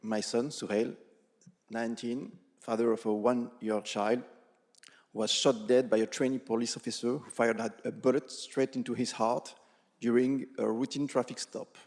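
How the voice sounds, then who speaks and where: A man with a French accent, a bereaved father, giving a careful, measured statement in English at a public tribunal. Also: medium pitch, steady tone, darkish tone. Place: large hall at a public tribunal. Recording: long hall reverb.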